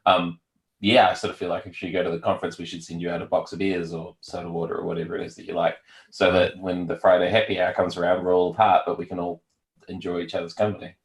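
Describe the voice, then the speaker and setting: A man from New Zealand with a New Zealand accent, a guest on a remote call, talking in a relaxed, hesitant way with many fillers. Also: deep voice, fast, creaky, roomy sound, low-quality recording. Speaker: guest, virtual world founder. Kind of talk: casual interview chat. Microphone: remote call mic.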